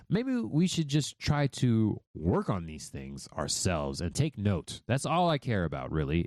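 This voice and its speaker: Candid, animated male podcast host. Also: mid-range voice, no room sound, clean studio sound. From United States. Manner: candid and self-reflective, with frequent restarts. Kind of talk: reflective solo podcast talk.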